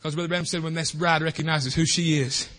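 A man preaching a fervent revival sermon in a church, swinging between shouting and hushed tones. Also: a little high, steady tone, fast talker. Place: church sanctuary.

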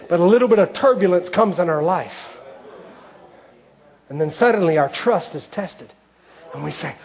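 A man's voice: sits high, expressive, normal speed, vocal fry, pauses often, darkish tone. A male preacher delivering a sermon in a rhythmic cadence with repeated phrases.

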